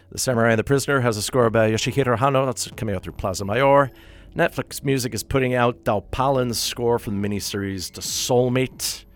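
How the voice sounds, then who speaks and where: Male radio host, mid-pitched, brisk list delivery with dry self-deprecating asides. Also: a bit bright. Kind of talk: radio music show, listing soundtrack releases.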